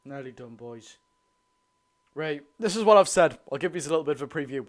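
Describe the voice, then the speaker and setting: A man with a Geordie accent chatting excitedly to his viewers during a live football watch-along. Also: a little high, fairly quick. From North East England. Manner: chatty, excitable, keeps addressing the lads. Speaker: football fan streamer.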